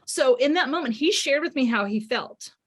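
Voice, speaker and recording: This podcast guest is a middle-aged woman, a parenting author and psychotherapist, who explains ideas and acts out parents' words. Her high-pitched voice is animated, and she speaks at normal speed.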